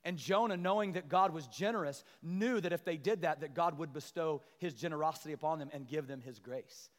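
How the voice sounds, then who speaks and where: High-voiced animated preacher man. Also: a little fast. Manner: animated, climbs to loud emphatic peaks, calls out to the congregation. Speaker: pastor. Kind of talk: sermon. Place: large church sanctuary. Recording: long church hall reverb.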